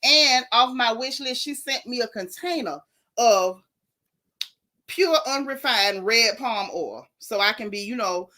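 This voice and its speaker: A middle-aged woman, casually recapping reality TV in an animated, sassy way. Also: fairly high pitch. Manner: animated, sassy, exclaiming, drawn-out emphasis. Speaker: show recap host.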